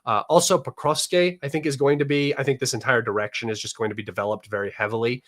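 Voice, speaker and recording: A man's voice: medium pitch, fairly even intonation, fast, a bit bright. A man answering viewer questions in a casual talk, rambling, with many fillers and restarts. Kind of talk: casual analysis chat.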